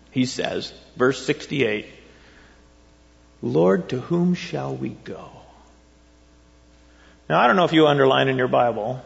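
A man's voice: mid-range voice, vocal fry, a bit bright. A male pastor giving a conversational sermon, reading scripture aloud and posing rhetorical questions in a rambling way. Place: church sanctuary. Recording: dull, echoey church recording.

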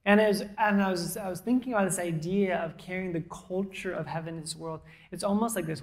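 A woman pastor preaching a sermon to a congregation in a church, conversational and emphatic, with soft, quiet asides. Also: on the low side, brisk, hardly any pauses. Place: church auditorium before a congregation.

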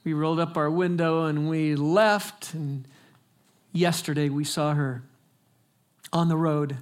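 High-voiced man preaching a sermon. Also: fairly even intonation, slow pace. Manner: conversational storytelling building to emphatic exhortation. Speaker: pastor.

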